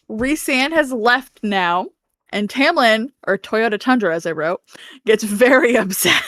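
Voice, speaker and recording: A woman co-hosting a podcast casually recaps a book's plot in a voice on the high side with a fairly bright tone. She acts out the characters' lines and laughs along the way, in a studio-quality recording with no echo.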